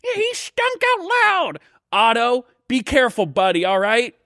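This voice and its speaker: A high, squeaky sock puppet cracks rude jokes in a dry room. Its wild pitch leaps up and down. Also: male voice, wildly swooping pitch, unhurried, pushed and bright, dry recording, exaggerated voice. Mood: needling. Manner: squeaky, teasing, wisecracking. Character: man's squeaky ventriloquist sock puppet Otto, pushy and rude.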